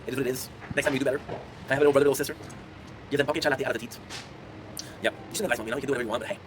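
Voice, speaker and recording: A man's voice: medium pitch, steady tone, very fast, noisy background. A man in his twenties, a content creator, chatting casually to his viewers and telling rambling stories, laughing often. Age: 20s. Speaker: content creator streaming to chat.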